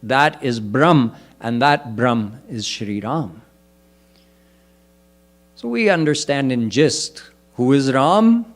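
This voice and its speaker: A man giving a sermon as a spiritual teacher, explaining scripture slowly and deliberately and chanting verses in between. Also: medium pitch, expressive.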